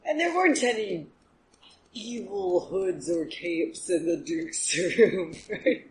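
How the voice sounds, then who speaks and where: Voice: medium pitch, big pitch swings, takes it slowly, a little hiss or hum. A player in a tabletop role-playing game, tentative and giggly. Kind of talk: tabletop role-play chat.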